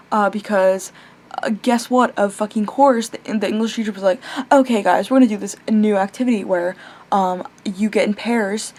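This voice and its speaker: A young adult woman rambles casually through a late-night vlog, chatty and animated, her speech full of fillers, restarts and offhand swearing. Her voice sits at a medium pitch, and every so often she stops to talk to her pet.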